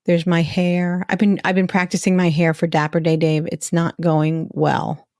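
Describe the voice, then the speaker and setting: A woman co-hosting a podcast in casual chat, telling animated stories and laughing often. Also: lowish voice, normal speed, no room sound, clean studio sound. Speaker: podcast co-host.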